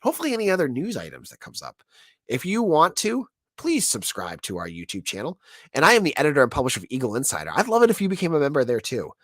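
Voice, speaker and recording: A man's voice: on the high side, fast talker, dry recording, studio quality. A man hosting a sports podcast with a sick, nasal voice, chatting casually and often restarting his sentences. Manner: lively, restarts often, speaks straight to the audience. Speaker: podcast host.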